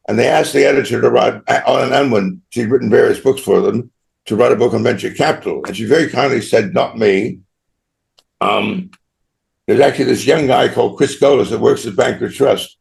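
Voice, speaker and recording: Older man from Australia, gravelly voice, mid pitch, rambling anecdotal interview guest. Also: darkish tone. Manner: rambling anecdotal, frequent tag "right?". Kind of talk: storytelling interview.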